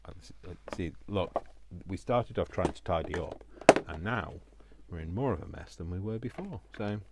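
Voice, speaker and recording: A man's voice: deep voice, animated, moderate pace, heavy background noise. A British man chatting casually to himself as he makes a craft project, joking at his own expense. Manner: chatty, self-mocking, talks to himself while working. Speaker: crafting vlogger.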